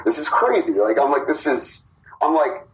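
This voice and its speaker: A man's voice: on the high side, sing-song, normal speed, background noise. A man co-founder of a wrestling company, casually telling a long story on a podcast and acting out the quotes.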